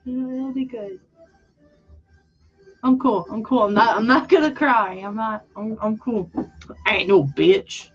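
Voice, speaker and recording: Over soft background music, a young woman talks casually while drawing, her fairly high voice slightly rough and unhurried, with long pauses. She's a vlogger and artist who rambles, teases herself, restarts often, and sounds teary, all on muffled lo-fi audio.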